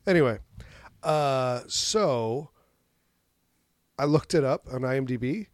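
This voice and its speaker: A man in his thirties co-hosting a podcast in casual chat, animated and swearing, laughing often. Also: mid-range voice, takes it slowly, no echo, studio quality. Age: 30s. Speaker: podcast co-host.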